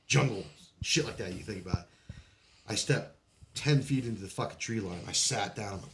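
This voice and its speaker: A man's voice: fairly low pitch, very animated, normal speed, a bit bright, slight background noise. A man telling his military stories as a podcast guest, in casual storytelling style, swearing freely and laughing often between lines. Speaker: podcast guest, Marine veteran.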